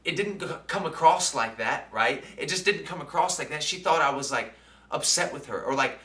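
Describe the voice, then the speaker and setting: A man's voice: a little high, expressive, moderate pace, sharp tone. A man talking casually into the camera about his day, using lots of fillers and asking "right?" as he goes. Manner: conversational, with many fillers and tag questions. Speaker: vlogger. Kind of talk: casual reflective monologue. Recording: roomy sound, mic at a distance.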